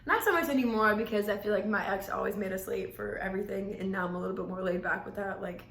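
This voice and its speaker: A woman's voice: mid-range voice, fast, fairly bright tone. A young woman hosting a podcast, telling a story in a rambling, chatty way and saying "like" a lot. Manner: chatty, rambling, heavy use of "like". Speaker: podcast host. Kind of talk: casual storytelling. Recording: roomy echo.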